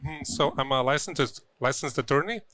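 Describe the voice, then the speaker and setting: A man from Slovenia, an attorney speaking as a guest in an interview, earnest and halting, with many restarts. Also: medium pitch, pushed and bright. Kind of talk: conversational interview. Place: busy conference venue.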